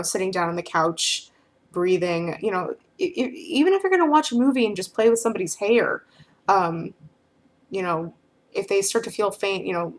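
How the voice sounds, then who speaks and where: A woman talking casually to the camera, answering questions in a frank, rambling way full of filler phrases. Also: fairly low pitch.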